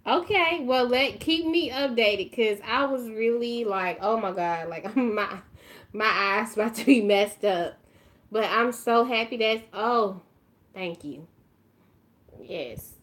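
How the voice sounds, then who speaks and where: A woman chatting casually while doing her makeup, emotional and effusive, now and then dropping to a quiet murmur as she concentrates. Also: mid-range voice, takes it slowly. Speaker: beauty vlogger.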